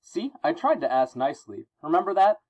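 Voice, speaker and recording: A man's voice: a little high, very animated, brisk, a little mellow, highs cut off, pitched above the performer's own voice. A man reading aloud as a wisecracking masked teen superhero, jokey and frantic. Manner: jokey, frantic, self-mocking.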